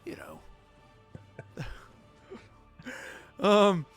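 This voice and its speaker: Game master, man, slightly high voice, rambling self-correcting delivery, faint music bed. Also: wildly swooping pitch, drawn-out words, creaky, a bit bright. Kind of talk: narrating a tabletop game.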